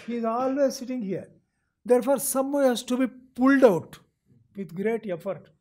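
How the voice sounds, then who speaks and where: A man's voice: very high-pitched, moderate pace, dark tone. A man with an Indian accent giving a scripture lecture as a spiritual teacher, explaining patiently and often checking whether his listeners follow. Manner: acts out a seeker's voice in quoted lines.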